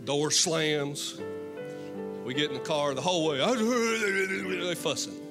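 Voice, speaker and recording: Impassioned pastor preaching over guitar. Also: male voice, on the high side, slow. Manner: impassioned, then joking storytelling. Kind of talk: preaching sermon. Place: church stage. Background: soft guitar worship music.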